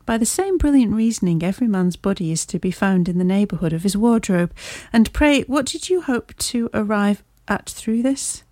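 A woman reading aloud, voicing a sharp, amused male detective who talks down to a police inspector with dry teasing. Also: mid-range voice, expressive, moderate pace, few pauses, dry recording, natural voice. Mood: amused, lofty.

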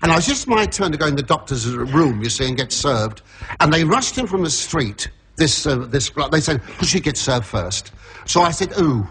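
Hoarse male comedian, rambling anecdote, lively rising pitch, noisy old tape. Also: moderate pace. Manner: rambling, chuckling at his own jokes. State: hoarse from laryngitis. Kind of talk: stand-up joke telling.

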